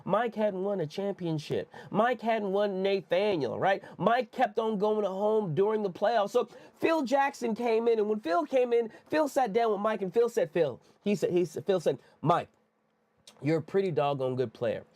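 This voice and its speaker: A man with a high voice hosts a motivational podcast, pumping up his listeners and repeating phrases like a preacher. The sound is dry and close, with no room around it. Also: expressive, normal speed, few pauses, a little mellow, dry recording. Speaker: podcast host. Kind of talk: energetic motivational podcast talk.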